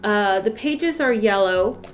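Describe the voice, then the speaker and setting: Teary, slow-talking woman. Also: mid-range voice, lively intonation, soft background music. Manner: emotional, tearful, sighing, gushing with joy. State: crying. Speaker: Bible study channel host. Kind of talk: casual vlog, showing old Bibles.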